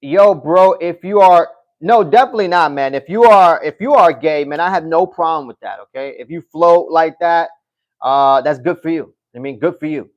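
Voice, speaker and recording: High-pitched male streamer, casual chat with his audience, animated and loose-mouthed. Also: normal speed, muffled recording. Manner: animated, talks straight to chat, swears. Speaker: livestream host. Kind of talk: casual livestream chat reading comments.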